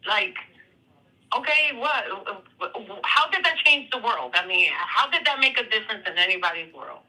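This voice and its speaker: A speaker with a piercingly bright, sharp-edged voice talks on a live call-in stream. They weigh their words, pausing often on fillers before pressing a point. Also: medium pitch, lively intonation, rough recording. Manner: hesitant, measured, full of "you know" and "um". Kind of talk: casual chat.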